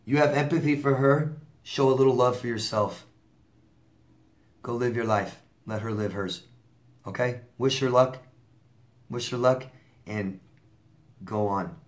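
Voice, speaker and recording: A man's voice: medium pitch, a little slow, long pauses. A man working as a relationship coach, answering viewer letters in a casual advice monologue, blunt and repeating himself for emphasis with stammered restarts.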